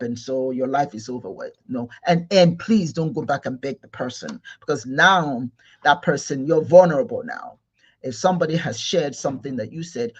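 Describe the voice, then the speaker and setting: A man from Igbo Nigeria leads a spiritual talk in a somewhat high, husky voice. He stresses his points by repeating himself and restarting mid-phrase. The recording is dull and lo-fi. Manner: repetitive, emphatic, many restarts. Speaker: spiritual teacher.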